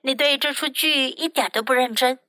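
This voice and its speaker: Woman teacher, high and bright, slow expressive storybook read-aloud for kids; dry close mic. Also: no echo. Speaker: English teacher reading aloud. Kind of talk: bilingual storybook reading for children.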